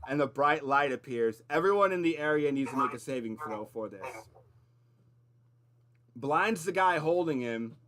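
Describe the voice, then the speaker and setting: A man's voice: medium pitch, animated, moderate pace, a bit bright. A man running a tabletop game as game master, narrating in a loose, casual way with lots of fillers.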